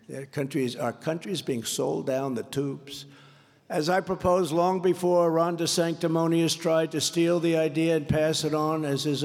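An older political candidate with a gravelly, fairly high-pitched voice rallies a large indoor venue in an off-script campaign speech. His storytelling is rambling, repetitive and boastful, and the big hall adds long reverb.

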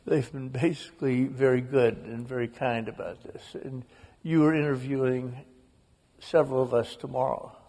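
A man's voice: mid-range voice, fairly even intonation, normal speed, dark tone, in a large hall. A man in his sixties, an author, telling wry, self-mocking family stories in a radio interview. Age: 60s.

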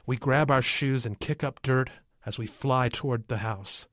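A man's voice: medium pitch, measured pace, a bit bright, no echo, studio quality. Man reading a first-person story. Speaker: audiobook narrator.

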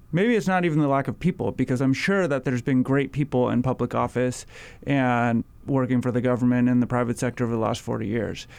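A man's voice: mid-range voice, darkish tone, clean tone. A man who works as a state tax research officer, explaining his ideas in a studio interview and often checking in with "right?".

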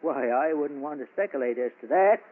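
An actor playing a nosy, rambling small-town druggist with a drawling, homespun way of talking, in 1940s radio comedy style. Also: male voice, on the high side, lively intonation, fairly quick, a little hiss or hum, lightly acted. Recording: tinny old radio broadcast.

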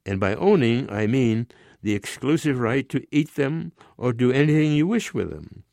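Pompous condescending ex-cavalry officer, as a 90-something man reads him, lectures away, a bit higher than his normal voice, dry close sound. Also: lively intonation, normal speed, vocal fry, darkish tone, no room sound. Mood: lecturing. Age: 90s. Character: pompous self-important male ex-cavalry lieutenant.

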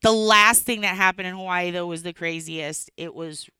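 A woman's voice: on the low side, normal speed, pushed and bright, smooth, dry recording. A woman from Texas telling rambling comic stories as a stand-up comedian, laughing between lines. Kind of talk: storytelling stand-up.

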